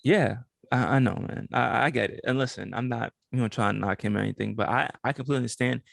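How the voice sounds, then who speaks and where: Man, young adult, gravelly voice, relaxed storytelling, casual podcast, dry mic. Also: medium pitch, fast talker, dry recording. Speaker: podcast co-host.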